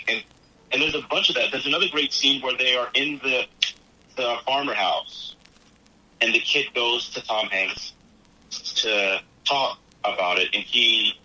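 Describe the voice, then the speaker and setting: A man co-hosting a podcast, chatting casually about a film in a rambling, halting way and acting out movie lines. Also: lowish voice, bright, forceful tone, slightly rough, poor audio. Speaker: podcast co-host.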